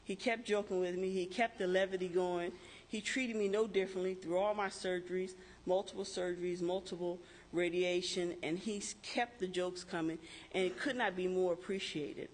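A middle-aged woman giving a memorial tribute to a former coworker, telling animated stories and laughing through them. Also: lowish voice, normal speed, long reverb tail.

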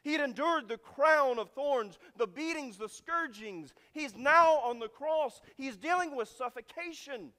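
A man preaching a sermon with dramatic swings from loud, emphatic lines to hushed endings. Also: very high-pitched, expressive, measured pace, few pauses. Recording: long reverb of a large hall.

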